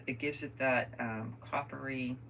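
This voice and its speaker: A woman's voice: very deep voice, steady tone, a little slow, creaky, a bit bright, a little hiss or hum. An older woman chatting casually to viewers while she crafts at home, rambling through stories and talking to them as friends. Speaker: crafter vlogger.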